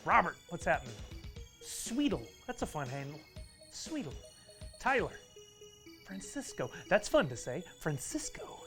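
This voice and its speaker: A man's voice: a little high, big pitch swings, a little fast, music in the background. Upbeat man hosting a live stream. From Texas. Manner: upbeat, greets viewers by name. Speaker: livestream host.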